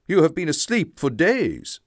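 A caring, sorrowful older father in a storybook, voiced by a male reader, speaking gently and earnestly. His lines come slowly, and the pitch rises and falls with emotion. The sound is dry and close. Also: wildly swooping pitch, no room sound, heavily acted.

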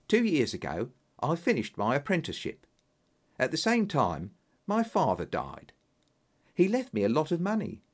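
A man voicing a polite young male engineer who tells his story earnestly. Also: medium pitch.

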